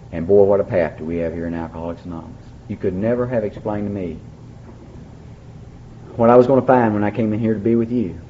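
A man's voice: on the low side, dark tone, slight background noise. A man speaking at a recovery meeting, telling his story in a folksy way with dry humor. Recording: dull lo-fi recording, faint background.

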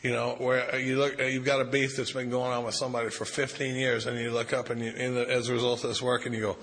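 Candid man with a bright voice. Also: medium pitch, level tone, quick pace, hardly any pauses. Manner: candid, anecdotal, self-deprecating. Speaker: recovery speaker and sponsor. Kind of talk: storytelling talk to a recovery group.

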